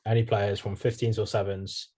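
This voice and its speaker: A young man co-hosting a podcast, dry and brisk, keeping the chat moving with short deadpan replies. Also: on the low side. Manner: dry, brisk, moves things along. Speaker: podcast co-host. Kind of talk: casual banter.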